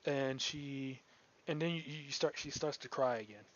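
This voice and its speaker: A man's voice: mid-range voice, moderate pace, highs cut off. A man narrating as game master, rambling and restarting his sentences often.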